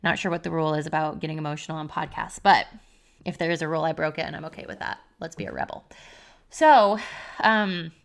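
A young adult woman speaks candidly on a podcast, sharing her own story in a confessional way. Her voice sits a touch low for a woman, and "like" runs through nearly every sentence. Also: very fast, creaky. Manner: confessional, heavy use of "like" as filler.

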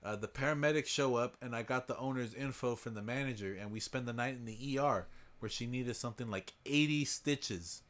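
A man hosting a podcast reads listener stories aloud in a loose, conversational voice. His pitch sits in the middle range for a man. He swears freely and breaks into laughs along the way. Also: fairly quick, a bit bright. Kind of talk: casual podcast chat and story reading.

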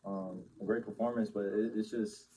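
Male athlete at a press conference, low and mellow, hesitant, faint ambience. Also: fairly even intonation, a little hiss or hum, low-quality recording. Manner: measured, hesitant, fillers. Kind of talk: post-game press conference.

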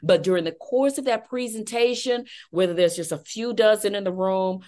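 A woman hosting a podcast interview, explaining public speaking in a measured, explanatory way. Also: medium pitch, darkish tone. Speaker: podcast host and speaking expert.

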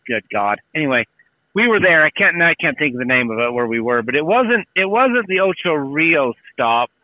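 A man's voice: fairly high pitch, sing-song, normal speed, dry recording. A man telling rambling travel stories in casual chat, swearing freely and acting out what people said. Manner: rambling storyteller, swears freely, acts out quotes. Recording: tinny phone-like sound.

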